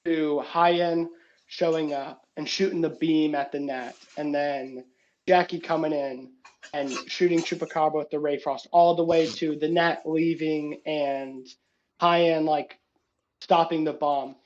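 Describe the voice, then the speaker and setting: Guy dm-ing a tabletop game, bit high voice, kinda muffled lo-fi mic. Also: unhurried. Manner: animated, lots of voices and asides. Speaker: game master.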